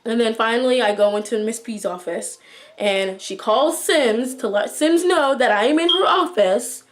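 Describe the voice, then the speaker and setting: A young woman vlogger recounts a school drama to her viewers in a casual, chatty storytime. Her voice sits slightly high, and she acts out what everyone said with lively asides. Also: moderate pace. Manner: chatty, animated retelling with acted-out quotes. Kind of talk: storytime vlog.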